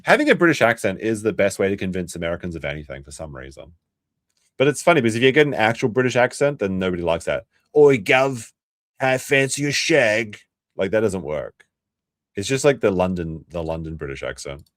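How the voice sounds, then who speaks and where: A man streaming live, reacting to a video with sarcastic, animated commentary and some swearing. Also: deep voice, fast talker, no echo, studio quality.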